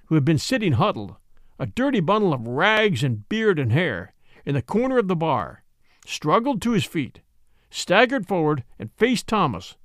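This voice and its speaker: A man reading a classic short story aloud in an expressive storytelling manner. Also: high-pitched, dry recording, clean studio sound. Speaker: narrator.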